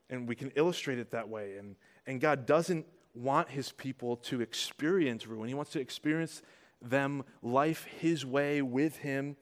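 A male pastor preaching a casual, conversational sermon, asking rhetorical questions and getting louder to stress his points. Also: medium pitch. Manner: rises in volume when stressing points.

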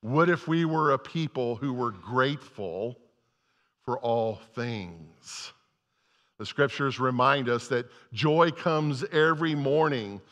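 A man's voice: mid-range voice, takes it slowly, a bit bright. A male pastor giving a conversational sermon, often repeating words and restarting sentences as he talks. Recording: long hall reverb.

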